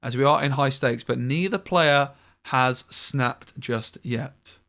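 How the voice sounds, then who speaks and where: A man casting a card game tournament live, calling plays briskly and thinking aloud between moves. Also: medium pitch, fairly bright tone. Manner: brisk analytical play-by-play with thinking-aloud asides. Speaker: tournament caster. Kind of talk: live esports play-by-play commentary.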